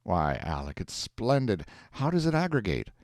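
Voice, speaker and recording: A man reading aloud, voicing an excitable husband who talks in an eager, folksy, impatient way. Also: lowish voice, normal speed, no room sound, clean studio sound. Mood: excited.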